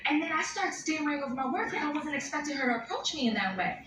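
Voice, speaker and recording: A woman in her thirties, a guest on a talk show, who tells animated stories and acts out the quotes. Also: high voice, fast talker, roomy sound, far from the mic, background noise. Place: TV studio.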